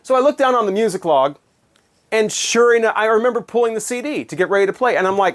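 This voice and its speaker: A man's voice: high-pitched, lively intonation. A middle-aged man, a former radio DJ, telling rambling stories in a casual monologue full of fillers and restarts. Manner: rambling, many fillers and restarts, quick laughs. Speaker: former radio DJ and video host.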